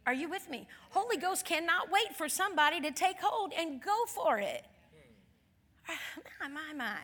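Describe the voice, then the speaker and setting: Woman preacher, high voice, bright and forceful tone, fervent sermon, loud declarations. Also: moderate pace, big-room sound. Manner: animated storytelling with acted quotes. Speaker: guest minister.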